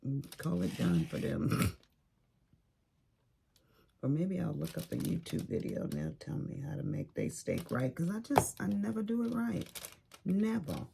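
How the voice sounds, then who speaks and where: A woman's voice: low voice, big pitch swings, a little slow, creaky, long pauses, background noise. A woman chatting casually while she crafts, telling stories about her family and neighbors with sassy asides. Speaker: craft vlogger.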